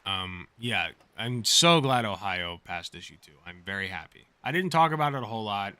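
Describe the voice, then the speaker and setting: A man's voice: on the low side, moderate pace, dry recording. A man streaming, chatting casually and jokingly as he plays and reacts. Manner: casual, jokey, animated.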